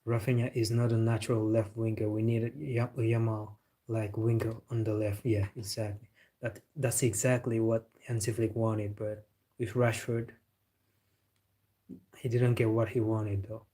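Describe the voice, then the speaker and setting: Low, flat-voiced man from Senegal. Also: normal speed. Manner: laid-back, joking, says "bro" often. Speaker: football live stream host. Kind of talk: casual live-stream chat, reading and answering viewer comments.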